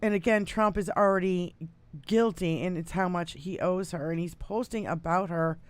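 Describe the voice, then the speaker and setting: Loud-laughing, cursing American woman co-host. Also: on the low side, normal speed, dry recording. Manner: profane, laughs loudly, animated. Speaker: podcast co-host. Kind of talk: casual political chat.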